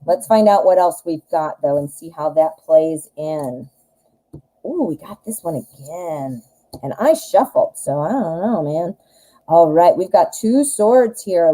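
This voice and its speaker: A woman's voice: lowish voice, mellow, rough recording. A woman in her forties with a Midwestern American accent, chatting in a rambling, self-deprecating way while doing a live tarot reading. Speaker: tarot reader.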